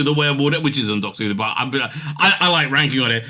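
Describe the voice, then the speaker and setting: A man's voice: on the high side, normal speed, sharp tone. A man hosting a ranting news commentary, reading articles aloud with scorn and exasperation and stumbling over the text. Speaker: commentary channel host.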